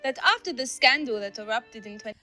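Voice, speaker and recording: A sly older mafia grandmother with a thick put-on Italian accent, as a woman acts her out. Her voice sits high and bright and swoops widely as she dodges and backpedals. She hams it up for a comedy news sketch. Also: lively intonation, a little fast, faint music behind. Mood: evasive. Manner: theatrical, shifty, backpedalling.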